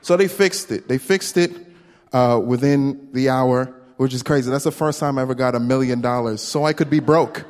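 A man doing a stand-up comedy set, telling a story with lively put-on voices. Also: medium pitch, normal speed. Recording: live room with long reverb and faint noise.

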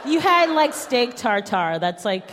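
A young woman from Cleveland co-hosting a comedy podcast before a live audience, playful and quick to laugh. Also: fairly high pitch, sing-song, a bit bright, long reverb tail. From Cleveland, Ohio.

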